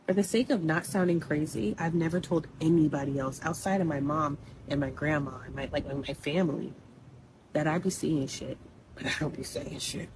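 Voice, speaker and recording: A young woman telling a personal story in a blunt, animated, conversational way, full of asides to the listener. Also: low voice, moderate pace, noisy background.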